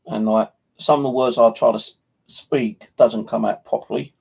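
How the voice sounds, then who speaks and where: An English man rambles through a casual live stream, joking crudely as he goes. His voice is gravelly and a touch husky, with a slight lisp from missing teeth. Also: mid-range voice, fairly even intonation, moderate pace, a little mellow. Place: home.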